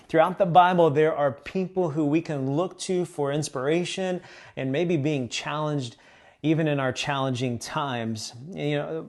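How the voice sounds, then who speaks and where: Conversational pastor man, slightly high voice. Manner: conversational, with frequent fillers. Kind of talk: live-streamed sermon and announcements. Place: church stage.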